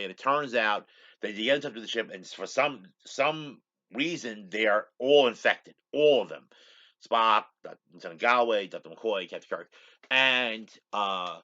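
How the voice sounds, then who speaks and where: A man's voice: on the low side, bright, forceful tone, lo-fi sound. A man hosting his own show, casually retelling a TV episode in a rambling way, saying "he goes" over and over. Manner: rambling, repeats "he goes" constantly. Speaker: show host.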